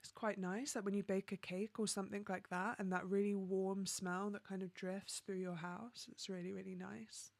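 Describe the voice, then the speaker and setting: A woman from London, hosting a casual livestream, reading viewer comments and chatting in an upbeat way, laughing often and filling pauses with ums. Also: medium pitch, level tone, creaky, no room sound. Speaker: livestream host.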